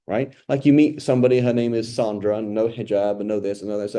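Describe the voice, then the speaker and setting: Male religious teacher, low, very warm and mellow voice, relaxed conversational delivery full of rhetorical questions. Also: fast talker, hardly any pauses. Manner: conversational, asks rhetorical questions, often adds "right?". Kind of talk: informal Quran study talk.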